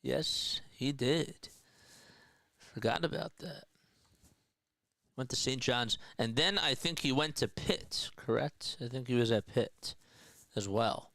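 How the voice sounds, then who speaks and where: A man's voice: mid-range voice, takes it slowly, gravelly, pauses often, sharp tone, no room sound, low-quality recording. A young man giving casual radio-style basketball play-by-play, chatting with his viewers between plays. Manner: casual, chatty, reads viewer comments aloud. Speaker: play-by-play announcer.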